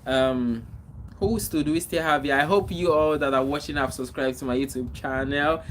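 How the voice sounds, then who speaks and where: A man from Nigeria with a Nigerian accent hosts a casual livestream, answering viewers' comments and giving repetitive, preachy advice, coughing and clearing his throat often. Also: fairly high pitch, normal speed, a little hiss or hum, low-quality recording. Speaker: livestream host.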